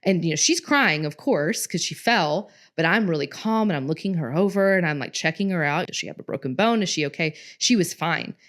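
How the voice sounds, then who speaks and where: In casual conversation on a parenting podcast she co-hosts, this woman shares a personal story with earnest storytelling and lively quotes. Her lowish voice moves a little fast, with hardly any pauses.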